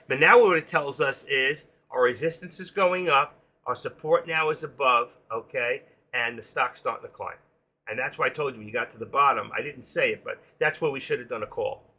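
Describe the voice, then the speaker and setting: A man hosting a live trading stream, explaining options and telling animated, excitable stories about his own trades, swearing casually. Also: medium pitch, creaky, husky. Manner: explains while drawing on a chart.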